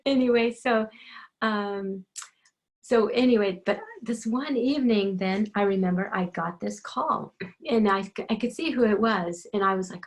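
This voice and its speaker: A woman's voice: mid-range voice, fairly even intonation, moderate pace. Woman telling a meandering story. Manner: meandering, digressive, lots of asides. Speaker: animal communicator. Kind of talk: casual storytelling monologue.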